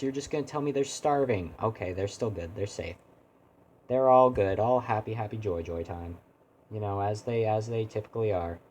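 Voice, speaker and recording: Slight background noise sits behind this game streamer, whose voice is on the low side and a little mellow. His commentary is casual and rambling, constantly interrupted as he turns to address his chat.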